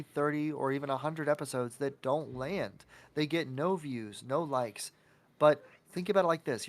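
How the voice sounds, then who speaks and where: A man hosting a podcast interview, talking casually and giving an encouraging, motivational pep talk. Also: mid-range voice. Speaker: podcast host.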